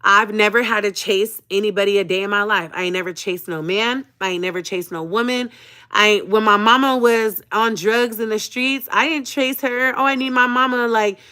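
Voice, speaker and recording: A woman vlogging live to her viewers in an emotional storytime chat, her voice bright and forward. She talks in a dramatic, animated way, drops an emphatic "okay?" after her points, and addresses her audience as sis and y'all. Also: mid-range voice, moderate pace, smooth. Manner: speaks straight to viewers, calling them sis and y'all.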